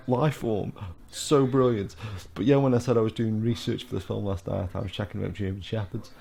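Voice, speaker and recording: A man's voice: on the low side, gravelly, dark tone. A middle-aged British man giving a casual solo film commentary, rambling with lots of fillers and asides. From United Kingdom.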